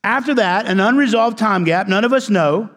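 A pastor preaching to his congregation, his voice sitting a little high for a man. He throws questions out for the people to answer and climbs in pitch and force as he presses a point. The sound rings with the long reverb of a church hall. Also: moderate pace, fairly bright tone. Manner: preaching with call-and-response to the congregation. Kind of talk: sermon.

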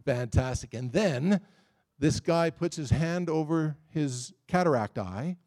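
A middle-aged man preaching a sermon, telling a story in a lively way and voicing the people in it. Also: on the high side, takes it slowly. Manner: storytelling, animated, quotes others.

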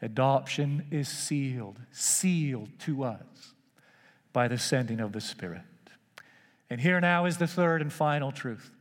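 Guy preaching a sermon slow and emphatic, repeats stuff for weight, big echoey church sound. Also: medium pitch, animated. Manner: emphatic, repeats key phrases.

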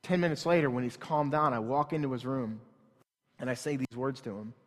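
A man's voice: mid-range voice, fairly quick. A man in his thirties preaching a sermon in a church, telling a story in an earnest, conversational way. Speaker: pastor. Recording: long hall reverb.

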